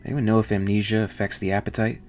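A man with a low voice voicing a dazed, starving male spaceship crewman in an audiobook-style reading. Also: flat delivery, fast talker, darkish tone, soft background music, natural voice. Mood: puzzled hungry.

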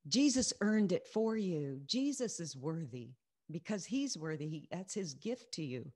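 A woman's voice: lowish voice, very animated, a little slow, darkish tone. A woman leading a Christian teaching on a video call, sharing her testimony earnestly and repeating key phrases for emphasis. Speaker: faith group teacher.

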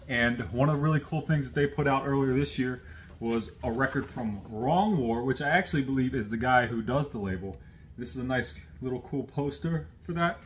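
A man hosting a casual unboxing video, chatty and self-deprecating, full of quick asides. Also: medium pitch, fairly bright tone, slight background noise. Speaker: host of an unboxing series. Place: at work on a lunch break.

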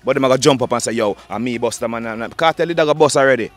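A man with a Jamaican accent, a dancehall artist talking fast in animated patois in an interview. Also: mid-range voice, soft background music. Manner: fast animated patois, frequent "dog" and "you understand".

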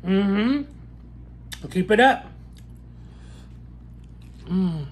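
A man reviewing fast food in a mukbang eating vlog, talking in a sassy, playful way and savoring each bite with frequent mm and wow sounds. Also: high voice, animated. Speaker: food vlogger.

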